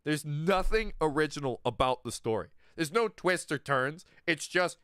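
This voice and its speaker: A man's voice: a little high, big pitch swings, moderate pace, hardly any pauses, a bit bright, clean tone, no echo, clean studio sound. A man streaming, ranting animatedly and profanely about a video game. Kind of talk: ranting livestream commentary.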